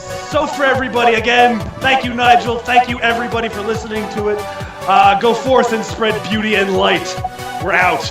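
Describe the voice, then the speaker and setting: A man's voice: extremely high pitch, level tone, moderate pace. A man co-hosting a podcast, signing off the show in a casual, upbeat and jokey way. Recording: echoey, distant audio with music behind.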